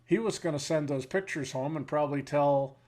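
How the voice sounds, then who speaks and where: A man in his seventies, a veteran interviewee telling war stories in a halting way, with pauses and fillers, then blunt and wry. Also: fairly high pitch, darkish tone. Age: 70s. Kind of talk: reflective war storytelling.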